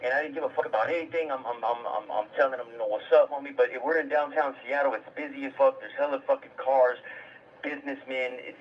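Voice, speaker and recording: A man's voice: mid-range voice, fairly even intonation, fast talker, lo-fi sound. A man hosting a livestream, telling his own story in casual, profane street slang, stammering and repeating words.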